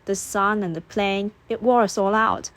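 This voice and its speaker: A firm, harried young mother scolds her children in an audiobook, voiced by the woman narrating. She keeps her tone strict and her pitch in a middle range. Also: moderate pace, a bit bright, close to an everyday voice. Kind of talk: audiobook character voice.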